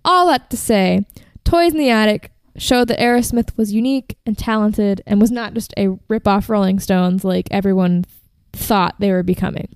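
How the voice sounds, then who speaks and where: Brief: podcast host, woman, clear and smooth, dry mic, profane and chatty. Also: mid-range voice, normal speed, few pauses, no echo. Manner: chatty, profane, uses fillers like "like" and "um". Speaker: podcast host telling a band history. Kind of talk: casual storytelling chat.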